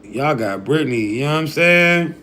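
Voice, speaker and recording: A man's voice: on the high side, animated, normal speed, pushed and bright, a little hiss or hum. A man hosting a livestream who preaches in a casual, profane rant full of slang and hype. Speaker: livestream host.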